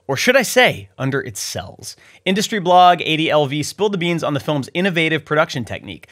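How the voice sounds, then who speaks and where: A man's voice: on the high side, a bit bright. A man hosting a scripted news roundup, upbeat and jokey with playful asides. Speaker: show host.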